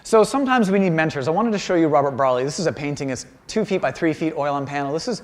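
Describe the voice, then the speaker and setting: A man gives a lecture in a university auditorium, joking at his own expense as he talks through his paintings. His pitch swings widely from line to line, and he keeps up a lively, storytelling energy throughout. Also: quick pace, long reverb tail. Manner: animated and self-deprecating, acts out quoted voices. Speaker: visiting artist giving a lecture. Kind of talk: humorous public talk with slides.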